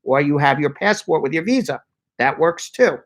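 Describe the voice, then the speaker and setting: A man who is an immigration lawyer, hosting a live-stream Q&A and reading viewer questions aloud in a brisk, chatty way. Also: a little high, lively intonation. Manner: brisk and chatty, spells out phone numbers slowly.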